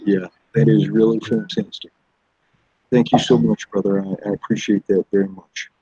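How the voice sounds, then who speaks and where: A man talking earnestly on a casual live stream, laughing often, with a husky voice. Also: fairly low pitch, steady tone, normal speed, dark tone, no echo. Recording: dull dry online audio.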